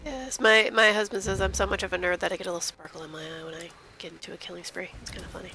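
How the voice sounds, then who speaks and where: A woman's voice: on the low side, steady tone, very fast, creaky, background noise. A woman streaming a game, chatting casually and giddily, often laughing at herself. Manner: giddy, chatty, self-mocking, laughs often. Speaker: gaming streamer. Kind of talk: casual commentary while playing.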